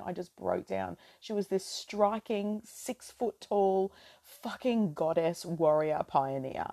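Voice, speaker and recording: A woman's voice: medium pitch, dark tone. An Australian woman in her thirties hosting a podcast, talking in a reflective, emotional spiritual monologue with many fillers. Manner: reflective and emotional, full of "you know" fillers. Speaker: podcast host.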